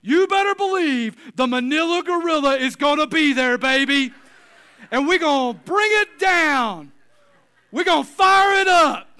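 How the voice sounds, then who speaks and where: A man putting on a loud, boastful pro-wrestling promo voice, shouting and drawing out his words. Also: very high voice, expressive, measured pace, voice pushed up, full character voice. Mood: hyped shouting.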